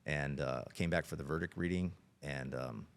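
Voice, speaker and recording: Speaking at a normal speed, this middle-aged cop has a rumbling low, creaky voice. He's a podcast guest who tells his stories sincerely and without frills.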